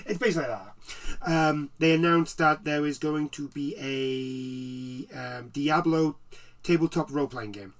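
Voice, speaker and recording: A man's voice: on the high side, unhurried. A man, co-hosting a casual chat podcast, talking in rambling asides. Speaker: podcast co-host. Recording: slightly distant mic.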